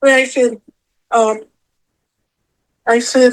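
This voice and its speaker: A woman's voice: fairly high pitch, steady tone, a little slow, pauses often, rough recording. A woman guest telling a personal story in a casual chat, emotional and rambling, often repeating herself. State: tearful at times. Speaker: podcast guest.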